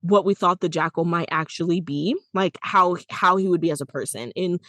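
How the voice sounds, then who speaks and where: A woman co-hosting a casual book club podcast, animated and profane, peppering her talk with "like.". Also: on the low side, moderate pace, no echo. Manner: animated, profane, heavy use of "like". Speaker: podcast co-host.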